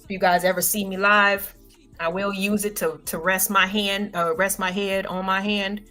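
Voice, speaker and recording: A woman's voice: mid-range voice, flat delivery, normal speed, bright, forceful tone. A woman who is a parent, hosting her own livestream in a loose, slangy, casual monologue. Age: adult parent. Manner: loose and chatty, full of fillers and slang. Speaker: livestream host. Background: faint background music.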